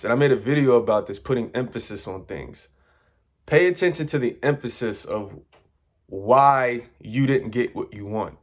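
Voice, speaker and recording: Man, mid-pitched, earnest coach talking straight to camera, repeats points to drive them home. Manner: earnest, repetitive, lecturing. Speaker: manifestation coach. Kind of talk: motivational monologue to viewers.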